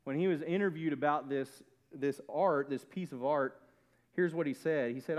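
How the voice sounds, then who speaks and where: A man preaching a sermon, building to loud emphatic peaks and then dropping low and quiet. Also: moderate pace. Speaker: pastor.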